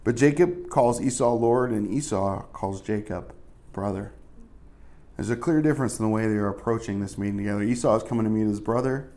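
Gravelly-voiced man preaching casually. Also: fairly low pitch, fairly quick, mellow. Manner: casual and chatty, with fillers and asides. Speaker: pastor. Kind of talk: conversational sermon.

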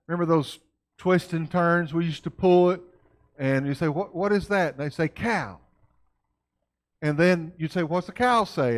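A man leads a church lecture in a relaxed, folksy manner, his voice sitting a little on the high side. He talks with his listeners rather than at them, peppering his points with quick questions to the audience.

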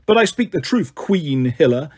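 A man's voice: fairly high pitch, sing-song, moderate pace, slightly rough. A man voicing a scheming older woman, a former warrior queen, with a mocking, taunting manner.

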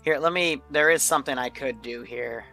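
A man's voice: medium pitch, normal speed, sharp tone, soft background music. A man running a multiplayer military game on a livestream, talking casually and bossing players around with plenty of swearing. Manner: brash, profane, bossy toward players.

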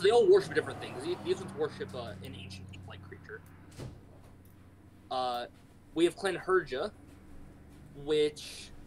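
A man's voice: fairly high pitch, slight background noise, low-quality recording. A man at a tabletop game, reading out options plainly with uh fillers. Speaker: player. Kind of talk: casual game table chat.

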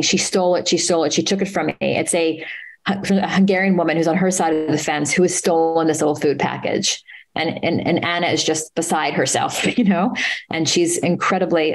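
Low-voiced woman retelling a story. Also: creaky, rough recording. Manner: earnest, halting, many "um"s and restarts. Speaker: author and interview guest. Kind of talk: conversational storytelling at a live talk.

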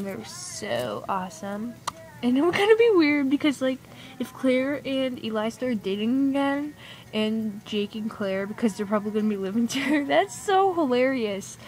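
A woman's voice: a little high, lively intonation, normal speed. A teenage girl chatting casually to her camera at home, rambling and gushing, full of "like" and "oh my god". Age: teens. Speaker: vlogger. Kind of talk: casual chat. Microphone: iPod camera.

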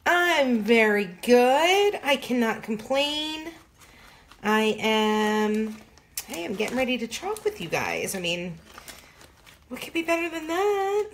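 A woman's voice: a little high, big pitch swings, slow, slight background noise. A woman hosting a crafting livestream, chatting casually and greeting viewers by name in a bubbly, talkative way.

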